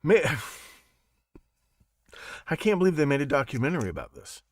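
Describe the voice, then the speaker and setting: A man hosting a live podcast, talking in a rambling, animated monologue full of restarts and asides. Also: fairly high pitch, normal speed, no room sound, clean studio sound. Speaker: podcast host. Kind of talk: casual monologue on a live show.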